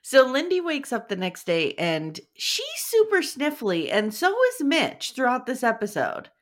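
A woman's voice: on the high side, big pitch swings, measured pace. A woman hosting a casual podcast chat, sarcastic and blunt, swearing freely as she recaps a show.

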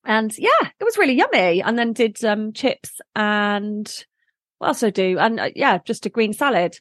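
A woman's voice: mid-range voice, lively intonation, moderate pace, no room sound, clean studio sound. A woman co-hosting a podcast, bubbly and teasing in casual chat, laughing often. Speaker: podcast co-host.

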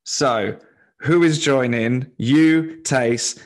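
A man's voice: mid-range voice, drawn-out words. A man hosting a casual chat, introducing guests in a playful, self-deprecating way. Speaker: host.

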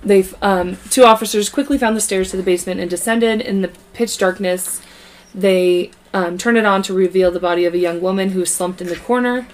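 A woman's voice: medium pitch, fairly quick. A woman co-hosting a podcast, reading a true crime case aloud in a casual way, stumbling over words and adding asides. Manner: reads from notes with stumbles and asides.

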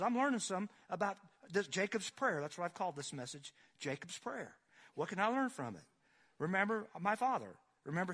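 A man's voice: on the high side, fairly bright tone, slightly rough. A man preaching a sermon, reading scripture aloud with rising dramatic force and asking the congregation questions. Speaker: pastor.

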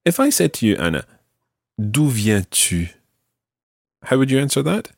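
Male French tutor, husky lower voice, very animated intonation, patient and clear. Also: no echo, clean studio sound. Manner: patient, models phrases slowly and clearly. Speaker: French teacher. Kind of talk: language lesson with a learner.

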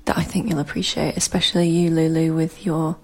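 A woman's voice: sits low, flat delivery, brisk, a little mellow. A woman, a listener, telling an amused story in a recorded voice message. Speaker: listener sending a voice note.

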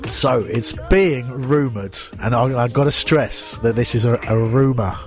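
A man's voice: medium pitch, unhurried, soft background music. A man appearing as a regular pundit on a sports radio show, chatting casually, jokey and playfully secretive, often laughing. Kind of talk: casual studio banter.

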